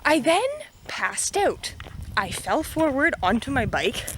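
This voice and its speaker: A woman's voice: sits high, sing-song, slow, a bit bright, slight background noise. A young woman telling a dramatic story in a casual vlog, out of breath as she walks up a hill path. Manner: chatty and dramatic, many fillers. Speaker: vlogger. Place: outdoors on a forest hill path. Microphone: handheld camera.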